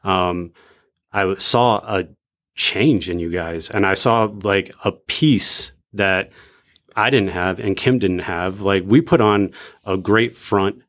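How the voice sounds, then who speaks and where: A man sharing his faith testimony in casual chat, reflective and measured with frequent pauses and ums. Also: deep voice, fairly bright tone.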